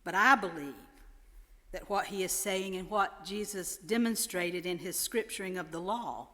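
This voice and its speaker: A woman pastor preaching a sermon in a measured way, lifting her voice to stress quoted words. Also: fairly low pitch, a bit bright. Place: large church sanctuary. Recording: long church reverb.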